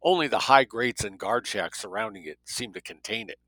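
A man reading fiction aloud in a steady, measured way. His voice is low-pitched with a sharp, forceful edge. It is recorded dry and close, with no room sound. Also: dry recording, rough recording. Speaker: narrator. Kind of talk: audiobook narration.

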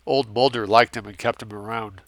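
A man voicing a curt, gruff military colonel who defends his own work. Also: fairly low pitch, fairly even intonation, normal speed, fairly bright tone, dry recording, close to an everyday voice. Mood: defensive.

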